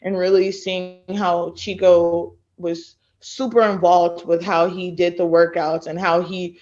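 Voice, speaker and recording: A woman's voice: fairly low pitch, measured pace. Young texas woman on a podcast, acts out the people she's quoting, kinda muffled dull sound. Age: late 20s. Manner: animated storyteller who acts out quoted people. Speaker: guest, former college thrower. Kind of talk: casual podcast interview.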